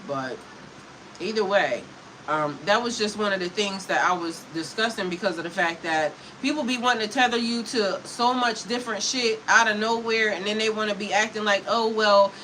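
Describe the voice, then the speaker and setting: A woman's voice: medium pitch, normal speed, bright, forceful tone, a little hiss or hum, low-quality recording. A woman spiritual coach in a heated, profane, emphatic livestream rant.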